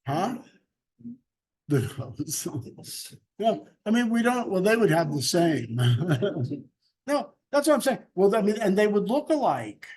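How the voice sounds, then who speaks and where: Bible class teacher, man, slightly high voice, slow and chatty. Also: sing-song, a little mellow. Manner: chatty, laughs easily, loose restarts. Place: church classroom.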